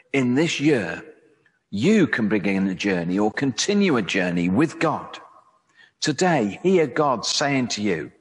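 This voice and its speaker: A man preaching a sermon, speaking slowly and gently with soft, reflective pauses. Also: mid-range voice. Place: church. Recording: church hall reverb.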